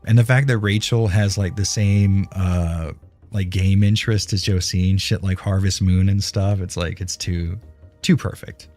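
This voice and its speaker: A man's voice: sits low, fairly even intonation, normal speed, a little mellow, faint music behind. A man live-streaming and chatting casually with his viewers, rambling and swearing freely as he answers chat, speaking close into a dynamic broadcast mic at a home streaming setup.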